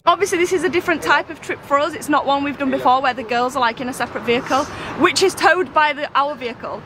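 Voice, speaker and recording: A woman's voice: high voice, quick pace. A woman telling a chatty, bubbly vlog story about her family trip, recorded outdoors at a truck stop. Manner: bubbly, laughing, retells with quoted voices. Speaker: family vlogger. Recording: vlog clip with outdoor traffic noise.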